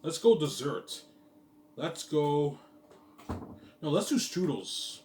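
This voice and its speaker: A man's voice: a little high, sing-song, slow, a little mellow. Rambling man in an echoey room. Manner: repetitive, keeps saying "yeah, man" and "look at that". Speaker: vlogger describing his company plans. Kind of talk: casual rambling monologue. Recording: echoey room, distant mic, faint ambient noise.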